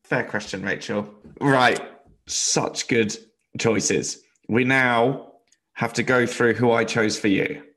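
A man's voice: mid-range voice, takes it slowly, fairly bright tone. Chatty man on a podcast. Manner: chatty, many likes and restarts. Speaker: podcast co-host. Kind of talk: casual chat.

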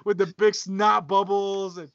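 A man's voice: sits high, flat delivery, a little slow. A man co-hosting a podcast in casual chat, teasing and bantering in an easygoing way, with laughs. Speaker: podcast co-host. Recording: dull, lo-fi podcast audio.

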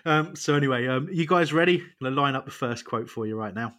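A man's voice: mid-range voice, animated, fast, bright, forceful tone. A British man hosting a casual football podcast and running a quiz, chatty and hesitant with frequent ums and easy laughs. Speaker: podcast host. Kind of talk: casual football chat, quizmaster.

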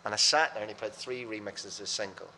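A man, a radio presenter, telling rapid, blunt anecdotes in casual chat on a podcast. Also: fairly low pitch, fairly even intonation, bright, forceful tone, a little hiss or hum.

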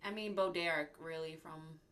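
A woman's voice: deep voice, steady tone, moderate pace, fairly bright tone. A woman co-hosting a podcast, chatting easily, agreeing and often trailing off mid-sentence. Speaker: podcast co-host. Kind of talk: casual chat.

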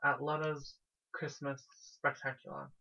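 Brief: slow-talking, dry-humoured female co-host, bright voice, muffled recording. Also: extremely low pitch, little pitch movement, creaky. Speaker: podcast co-host. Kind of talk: casual chat.

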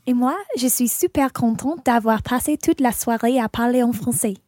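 A woman's voice: fairly high pitch, a little fast, a little mellow, dry recording, studio quality. Woman in a scripted dialogue. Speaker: learner in dialogue.

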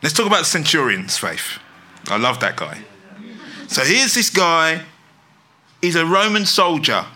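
A man's voice: fairly high pitch, sing-song, measured pace, long pauses, sharp tone. A man preaching a sermon, emphatic and asking his listeners rhetorical questions.

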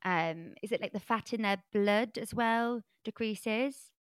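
A woman co-hosts a podcast, joking and giggling through casual chat. Her pitch is middling. The recording is dry and close. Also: a little slow, clear, resonant tone, no echo. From English Midlands. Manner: playful, giggly, jokey. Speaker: podcast co-host.

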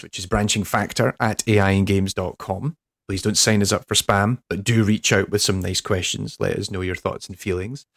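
Rambling English man hosting a podcast. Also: fairly low pitch. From England. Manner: rambling, self-deprecating, hesitant with restarts. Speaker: podcast host. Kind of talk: casual podcast chat.

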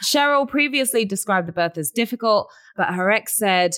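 A woman's voice: medium pitch, expressive, normal speed, a bit bright, smooth, no echo. An English woman hosts a casual celebrity news chat. Her voice sits in a mid range and sounds dry and close. She reads gossip items aloud, then gives her blunt opinions. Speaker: host.

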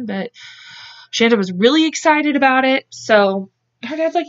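A woman's voice: high voice, expressive, measured pace, muffled recording. Chatty woman retelling a true-crime case. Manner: chatty, acts out quotes, laughs often. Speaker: podcast co-host. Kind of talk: casual true-crime storytelling.

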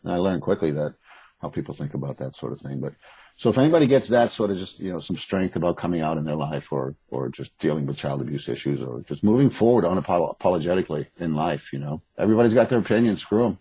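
Middle-aged man, deep husky voice, quick blunt delivery, interview guest. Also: animated, warm tone, no room sound, poor audio. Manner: candid, blunt, rambling with restarts. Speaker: guest, author. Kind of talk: casual interview conversation.

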